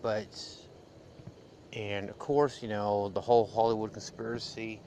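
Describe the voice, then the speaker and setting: A man's voice: lowish voice, little pitch movement, unhurried, dark tone, slight background noise. An American man hosting a casual solo podcast, rambling and digressive with frequent fillers. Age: adult. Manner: rambling, digressive, with many "uh"s and restarts. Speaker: podcast host.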